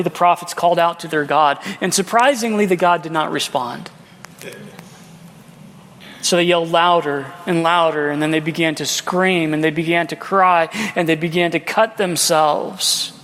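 A man's voice: a little high, steady tone, moderate pace, fairly bright tone. A male pastor preaching a sermon, telling a story dramatically, acting out the quotes and asking rhetorical questions. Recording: long hall reverb.

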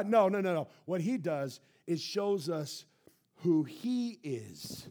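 A pastor preaching a sermon in a church, impassioned, swinging between loud and hushed. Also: male voice, sits high, sing-song, slow pace.

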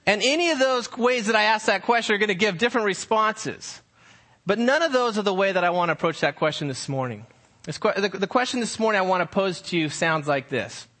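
Youth pastor, male, bright tone, acts out tones of a question mid-sermon. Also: high voice, expressive. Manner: rhetorical questions with slow, drawn-out pauses. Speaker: high school pastor.

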